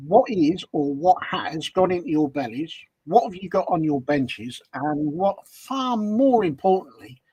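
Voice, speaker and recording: Husky, dry-sounding British man. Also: fairly high pitch, no room sound, low-quality recording. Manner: wry, jokey asides. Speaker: co-host of a live model-building stream. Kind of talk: casual chat.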